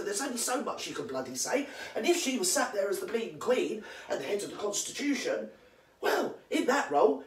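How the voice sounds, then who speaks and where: A performer playing an indignant old English granny with a British accent who gossips and swears in a rambling comedy monologue, recorded in a roomy space from a distant mic. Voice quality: slangy, swears constantly and rambles. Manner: mock-outraged gossiping with big pitch swings.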